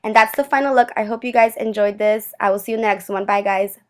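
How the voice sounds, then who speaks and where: A young beauty vlogger talks her viewers through a makeup look. Her pitch sits in the middle of the range. She sounds chatty and enthusiastic, as if chatting with friends. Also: fairly even intonation, fast talker, background noise. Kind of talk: makeup tutorial voice-over.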